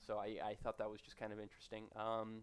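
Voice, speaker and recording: A man's voice: on the low side, completely flat delivery, fast talker, slight background noise. A man giving casual, rambling commentary over his own gameplay, chatty and nitpicky. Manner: rambling, self-described nitpicky, chatty asides. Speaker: gaming commentator.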